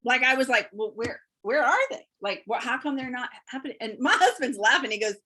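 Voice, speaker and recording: A woman guest on a remote interview, telling lively stories about her work and laughing often as she talks. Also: high-pitched, a little fast, slightly rough. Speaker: guest, beauty consultant. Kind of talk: casual storytelling interview.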